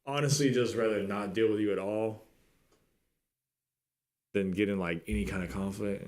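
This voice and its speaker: A man's voice: fairly low pitch, steady tone, normal speed, pauses often, a little mellow. A man co-hosting a podcast, talking bluntly and with a lot of swearing. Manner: blunt and profane. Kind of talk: casual chat.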